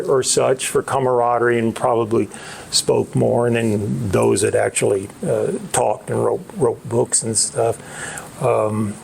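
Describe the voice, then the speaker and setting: Slow, gravelly-voiced man telling a story. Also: medium pitch, darkish tone, slight background noise. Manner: halting, many restarts and fillers. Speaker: author. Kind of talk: storytelling book talk.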